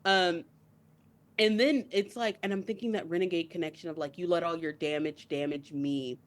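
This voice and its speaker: A woman's voice: on the low side, fairly even intonation, normal speed. A young woman co-hosting a podcast, talking through a song with mounting emotion and tears. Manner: emotional, builds to tearful outbursts. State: crying. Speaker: podcast co-host. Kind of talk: casual chat.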